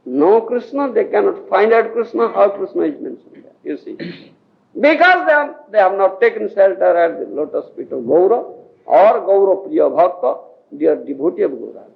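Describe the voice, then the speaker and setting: Animated Odia-accented man lecturing on lo-fi tape. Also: high voice, normal speed, gravelly. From India. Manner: emphatic, questioning the audience, laughing often. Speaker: spiritual teacher giving a lecture. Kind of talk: scriptural lecture to devotees. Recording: dull lo-fi 1980s tape recording.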